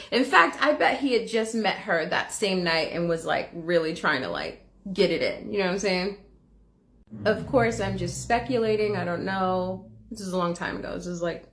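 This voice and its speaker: A woman's voice: fairly low pitch, vocal fry. A woman hosting a reaction video, telling a personal story in candid, casual commentary full of filler words.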